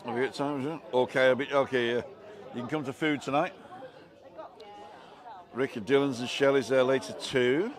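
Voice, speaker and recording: Man, live-stream host, casual chat, reads viewer comments, middle pitch, busy outdoor bar crowd behind. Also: moderate pace, pauses often. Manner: chatty, reading out viewer comments.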